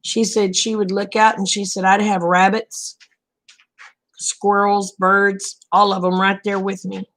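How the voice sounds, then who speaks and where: In a relaxed late-night vlog, a middle-aged woman spins a drawn-out, folksy story. Her voice holds a steady, even pitch, and she repeatedly loops through "he said" and "I said" asides.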